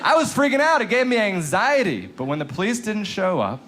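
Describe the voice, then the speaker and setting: Male stand-up comic, slightly high voice, animated storyteller, live club mic with faint room hum. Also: fairly quick. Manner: animated storytelling, jumps up high in pitch for excited bits. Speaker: stand-up comedian. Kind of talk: stand-up comedy set. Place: comedy club stage with live audience.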